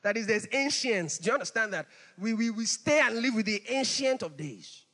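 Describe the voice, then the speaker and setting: Male pastor, high and bright, preaching with emphatic repetition in a reverberant hall. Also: normal speed. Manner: animated, repeats phrases for emphasis. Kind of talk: sermon.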